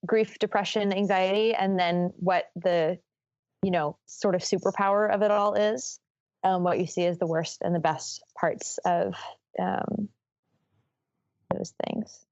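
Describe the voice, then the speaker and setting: A woman co-hosts a podcast, feeling her way through her sentences with pauses and fillers. Her voice is mid-pitched. The recording is dry and somewhat dull, lacking high end. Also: steady tone, a little mellow, dry recording. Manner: hesitant, searching for words. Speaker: podcast co-host. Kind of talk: casual podcast chat.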